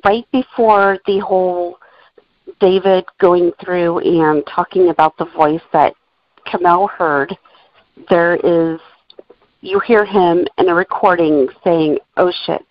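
A woman's voice: fairly low pitch, fairly even intonation, takes it slowly. A woman co-hosting a podcast in casual chat, methodically walking through her notes and transcripts. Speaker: podcast co-host. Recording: dull lo-fi recording.

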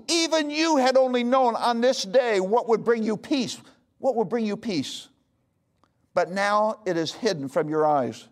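A man preaching a sermon as a pastor, emphatic, swinging between loud calls and low hushed lines.

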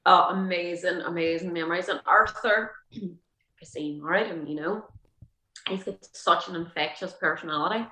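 A woman's voice: on the low side, moderate pace, bright, forceful tone. An Irish woman chatting as a guest, peppering her stories with "like" and "you know". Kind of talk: casual chat. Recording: roomy echo.

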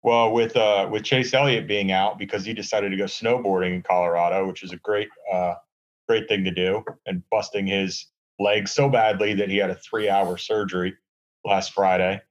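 Rambling sarcastic man, low voice. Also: flat delivery, normal speed, muffled recording. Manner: rambling, sarcastic, many fillers. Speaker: podcast co-host. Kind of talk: casual chat. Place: hotel room.

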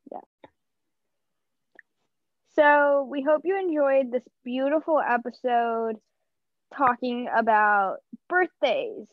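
With a voice on the high side, this young podcast co-host chats and rambles, full of fillers and jokes at her own expense. The recording is dry, muffled, and lo-fi.

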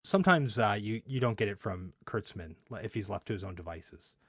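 A man's voice: fairly low pitch, expressive, fairly quick, fairly bright tone, breathy edge, dry recording, clean studio sound. A man co-hosting a comic book podcast in casual chat, laughing often. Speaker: podcast co-host.

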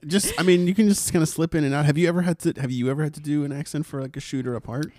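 A man's voice: a little high, steady tone, very fast, darkish tone. A man co-hosting a podcast in casual, joking chat. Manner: joking, playful. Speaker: podcast co-host.

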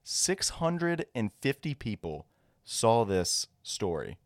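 A young man co-hosting a casual podcast, rambling and relaxed. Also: on the low side, slow, dry recording, clean studio sound. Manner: rambling, relaxed, laughs often. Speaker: podcast co-host.

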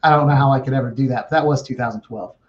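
A man's voice: medium pitch, quick pace, darkish tone, highs cut off. A man, a guest running a remodeling business, telling a story casually and restarting his phrases often. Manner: repeats words and restarts phrases.

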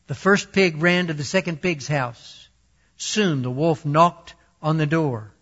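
A man reading a children's story aloud in a slightly raised voice. He speaks very slowly and deliberately, taking each sentence in turn. The recording has a dull, lo-fi sound. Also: on the high side, a bit bright. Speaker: storyteller and Bible teacher.

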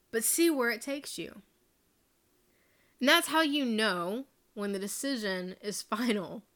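Talking unscripted on her podcast, this life coach is candid and chatty, wandering into tangents and swearing casually. She uses a studio microphone, and her voice is a little high and a bit bright.

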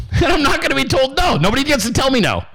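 A man's voice: extremely high pitch, very animated, fast talker, a bit bright, rough recording. A man hosting his own show, ranting in a brash, profane way and acting out the voices of people he quotes. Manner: brash, swearing constantly, acts out quoted voices. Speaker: podcast host. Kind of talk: profane motivational rant.

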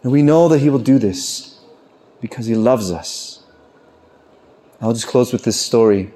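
A man preaching a sermon in an earnest way, lifting his voice on questions and slowing down, soft and low, on key lines.

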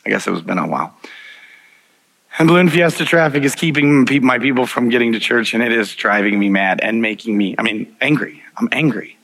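Gravelly man preaching with earnest warmth. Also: medium pitch, animated, fairly quick, poor audio. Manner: earnest, chuckles often, frequent restarts. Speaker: pastor. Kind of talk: sermon with personal stories.

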